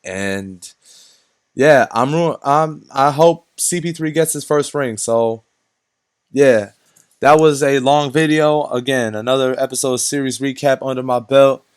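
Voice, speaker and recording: A man's voice: mid-range voice, a little slow, clean tone, dry recording, clean studio sound. A young man giving unscripted, casual basketball commentary for his vlog, rambling, restarting sentences and using lots of slang. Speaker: basketball vlogger.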